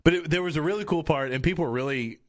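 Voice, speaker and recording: This man's voice is a little high and racing as he hosts a casual chat show in a radio studio. As a podcast host, he rambles, trails off, and keeps restarting his sentences.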